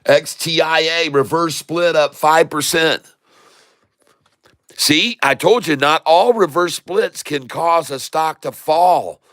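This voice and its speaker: Man, folksy excitable trading stream host, bright forceful tone, dry close mic. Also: on the high side, slow, dry recording. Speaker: stock trading livestream host. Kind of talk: casual live market commentary.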